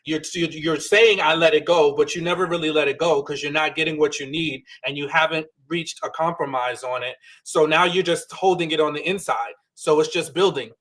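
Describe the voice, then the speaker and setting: Male podcast co-host, casual recap talk, animated, slightly high voice. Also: a little fast, few pauses. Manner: chatty, animated, acts out quoted lines. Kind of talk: casual reality-show recap.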